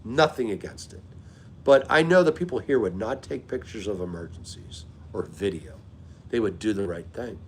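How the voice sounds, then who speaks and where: A man's voice: lowish voice, lively intonation, moderate pace, a little hiss or hum. A man hosting a live stream, chatting casually and greeting viewers by name as he talks. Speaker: livestream host.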